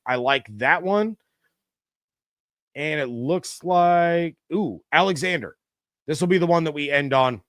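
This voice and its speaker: A man's voice: a little high, a bit bright, no room sound, studio quality. A middle-aged man hosting a casual live sports show, chatting loosely and reading viewer comments aloud with many fillers. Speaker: podcast host.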